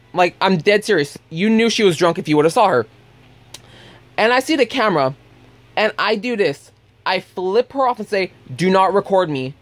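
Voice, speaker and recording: A young man telling a heated story in a casual vlog rant, blunt and swearing freely. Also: high-pitched. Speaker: vlogger.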